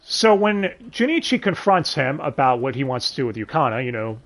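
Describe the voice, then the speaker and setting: In sing-song, brisk tones from a mid-range, slightly bright voice, a man picks apart a dub. His casual commentary is sarcastic and full of swearing, punctuated by sighs and questions aimed at listeners.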